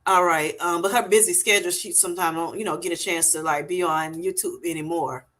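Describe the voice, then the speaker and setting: Eine Frau mit heller, klarer Stimme moderiert locker einen Livestream. Sie plaudert gesprächig, liest Zuschauerkommentare vor und streut oft "you know" ein. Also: female voice, lowish voice, steady tone, a little fast, a bit bright. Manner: chatty, lots of fillers like "you know" and "y'all". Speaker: livestream host. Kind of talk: casual livestream chat, reading viewer comments aloud.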